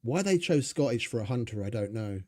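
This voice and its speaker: A man's voice: medium pitch, lively intonation, fairly quick, darkish tone. A young man giving rambling, sarcastic, swearing commentary over his gameplay. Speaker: gaming channel host.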